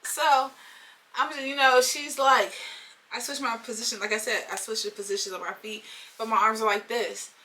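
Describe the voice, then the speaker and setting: A young woman tells a storytime vlog straight to her viewers. Her talk is slangy and animated, with a sharp, bright tone and a somewhat high pitch. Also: moderate pace, slight background noise. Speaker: storytime vlogger.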